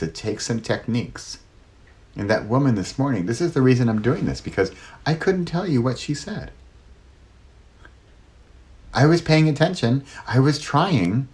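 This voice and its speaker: A deep-voiced, middle-aged man hosts his own solo talk, varying his pace and volume and sinking to near whispers to demonstrate how pauses work.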